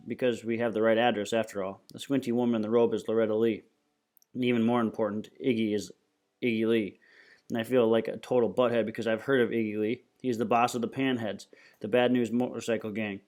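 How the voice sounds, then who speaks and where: A man reading a novel aloud in plain, steady storytelling. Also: mid-range voice, fairly quick. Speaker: reader.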